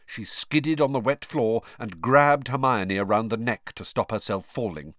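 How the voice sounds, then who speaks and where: A man reading a storybook aloud in an expressive, measured way. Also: medium pitch, no room sound. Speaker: audiobook narrator. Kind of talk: storybook narration.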